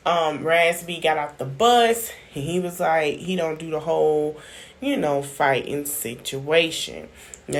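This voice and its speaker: Chatty woman vlogger recapping a show. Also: deep voice. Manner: chatty, addresses viewers as y'all, acts out quotes. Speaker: YouTube channel host. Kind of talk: casual reality-show recap and reaction.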